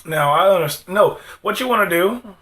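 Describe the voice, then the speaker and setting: Bright-toned man giving direct advice. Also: high voice, lively intonation, normal speed. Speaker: advice host.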